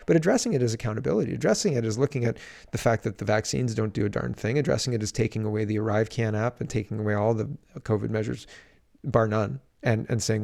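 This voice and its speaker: A man's voice: mid-range voice, brisk, vocal fry, warm tone. A man doing casual political commentary on a livestream, reading viewer comments aloud and reacting in an indignant, rambling way with frequent restarts.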